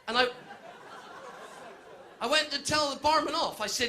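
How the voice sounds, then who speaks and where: A man's voice: very high-pitched, moderate pace, long pauses, pushed and bright, a faint crowd, a little hiss or hum. A man doing a stand-up comedy set, telling a cheeky story to a live audience in a chatty way.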